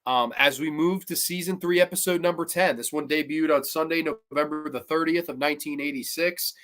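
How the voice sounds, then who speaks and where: Dude ranting about old horror tv, swears a lot, gets hyped and laughs. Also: male voice, fairly high pitch, fairly quick. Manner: excitable, profane, laughs while retelling. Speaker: podcast host and horror reviewer. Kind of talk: casual review monologue.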